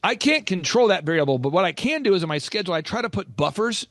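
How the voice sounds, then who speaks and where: A man hosting a business coaching podcast, telling stories in an emphatic, energetic way. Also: sits high, fast talker, no echo, clean studio sound.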